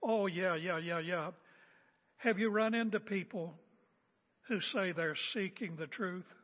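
A man's voice: sits high, slow pace, a bit bright. A man preaching a sermon as a pastor, emphatic and confrontational, hammering home repeated phrases. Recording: echoey hall with long reverb.

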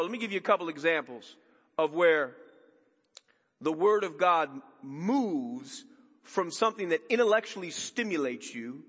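A man preaching a sermon as pastor, emphatic and conversational with dramatic pauses, in a church sanctuary. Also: sits high, a bit bright, husky, big-room sound.

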